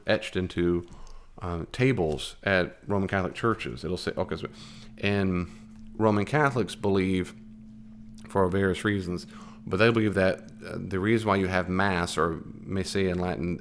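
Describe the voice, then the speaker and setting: A man with a fairly low voice teaching a Bible lesson. He talks conversationally and wanders off on tangents. He drives his points home with emphatic asides.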